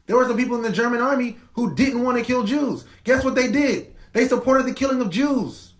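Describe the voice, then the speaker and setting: A man's voice: extremely high pitch, fairly quick, echoey room, rough recording. A man hosting a podcast, delivering an impassioned commentary monologue with emphatic repetition. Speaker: podcast host.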